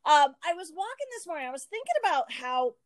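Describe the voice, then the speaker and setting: A woman hosting a casual chat on a video call, giggly and telling lively stories. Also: high-pitched, quick pace, dry recording.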